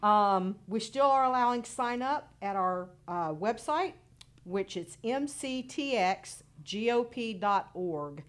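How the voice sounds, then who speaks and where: A woman's voice: fairly high pitch, animated, takes it slowly. A woman guest on a radio show who lays out the details of an event. She speaks in a businesslike, matter-of-fact way. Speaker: guest, local party official. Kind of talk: informative announcement on radio.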